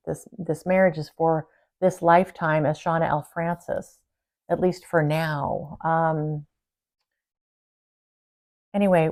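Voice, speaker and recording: A woman's voice: fairly low pitch, darkish tone. A woman spiritual channeler talking to her viewers in an earnest, confiding and rambling way. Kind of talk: casual personal monologue to viewers.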